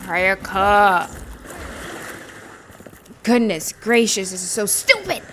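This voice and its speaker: A woman's voice: mid-range voice, sing-song, drawn-out words, fairly bright tone, faint music behind. A woman playing a video game and commenting, exasperated and talking back to the characters on screen. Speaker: gaming streamer. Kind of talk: let's-play commentary.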